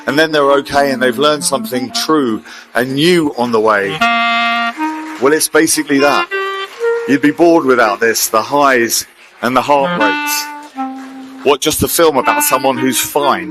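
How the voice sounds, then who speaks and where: A man's voice: mid-range voice, normal speed, over music, lightly acted. A man reciting a spoken-word poem and voicing a casual, blunt God who teases and swears in a matter-of-fact way, on a large concert hall stage. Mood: calm.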